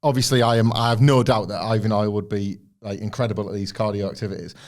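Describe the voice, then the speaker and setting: A man co-hosting a podcast, chatting in a rambling, animated way and acting out other people's lines. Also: on the low side, quick pace. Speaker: podcast co-host. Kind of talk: casual wrestling recap chat.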